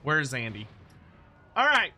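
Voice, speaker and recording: A man's voice: a little high, huge pitch swings, takes it slowly, pushed and bright. A man from Texas with a General American accent, hosting a casual live stream. He chats with viewers in a rambling way, with many fillers and restarts, and laughs easily. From Texas, United States. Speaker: livestream host.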